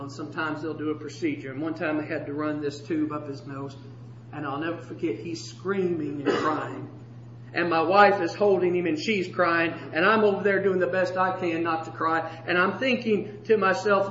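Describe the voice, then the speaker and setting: A man preaching a sermon with passion, moving between shouting and a hushed voice. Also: a little high, normal speed, slight background noise. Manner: impassioned, swings from shouting to hushed. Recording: echoey room, slightly dull sound.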